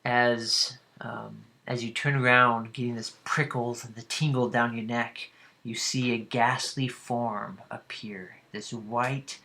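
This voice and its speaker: A man narrating as dungeon master, halting with many fillers. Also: mid-range voice, fairly even intonation, gravelly, bright, forceful tone. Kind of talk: narrating a tabletop game.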